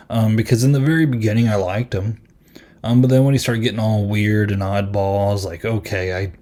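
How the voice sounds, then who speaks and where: A man's voice: fairly low pitch, dark tone. A man hosting a podcast and reviewing a film in casual chat, rambling and amused, with lots of ums and likes.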